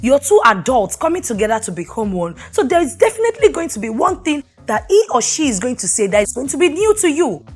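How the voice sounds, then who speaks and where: A woman's voice: high-pitched, sing-song, fast, few pauses, husky, faint music behind. A middle-aged woman, hosting a talk show and giving earnest, preachy marriage advice while putting questions to the listener.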